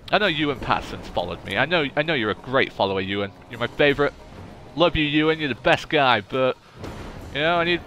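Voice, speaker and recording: A young man, chatting excitably to viewers on his game stream through a cheap microphone. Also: mid-range voice, noisy background. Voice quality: recorded on a cheap mic. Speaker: gaming streamer. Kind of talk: casual live-stream chatter. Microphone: cheap desk microphone.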